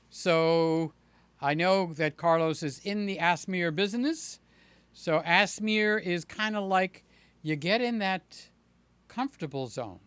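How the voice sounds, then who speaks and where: A man's voice: a bit bright, clean tone, no echo. A man hosting a casual livestream, reading viewers' chat aloud and talking back to them by name, with a playful streak. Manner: slow, chatty, talks to viewers by name; breaks into a high playful voice to entertain a child.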